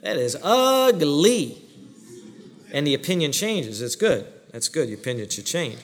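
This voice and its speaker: A man's voice: mid-range voice, big pitch swings, fairly quick. A man preaching a sermon as the pastor, emphatic, throwing questions at the congregation and answering them himself. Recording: long reverb of a large hall.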